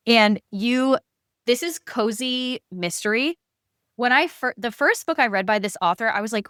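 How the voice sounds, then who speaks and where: A woman co-hosting a podcast chats animatedly and casually about books, tossing in lots of "like" and an occasional swear. Her voice is a little high, a bit bright, clear and resonant, at normal speed, recorded at studio quality with no room sound.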